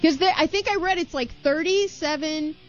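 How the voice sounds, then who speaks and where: Woman on a podcast, kinda high voice, chatty and swears a lot, dull lo-fi sound w faint music. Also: moderate pace. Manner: chatty, swears freely, laughs often. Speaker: podcast co-host. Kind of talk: casual chat.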